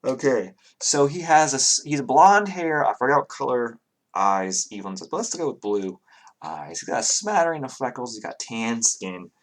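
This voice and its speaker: Casting: game master, man from the Southern US, halting narration, soft-spoken. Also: mid-range voice, big pitch swings. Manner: halting, many fillers.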